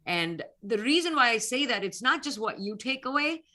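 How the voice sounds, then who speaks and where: A woman's voice: fairly high pitch, very animated, normal speed, bright, forceful tone. A middle-aged woman from North India with an Indian English accent, answering interview questions in an earnest, reflective way that turns emotional. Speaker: guest speaker, alumna scientist.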